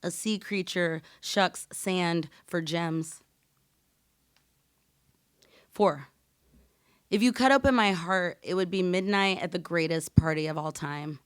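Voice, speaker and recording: A woman poet reading her poems aloud in a measured, deliberate way. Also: lowish voice, clean tone, no room sound, studio quality. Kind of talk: live poetry reading.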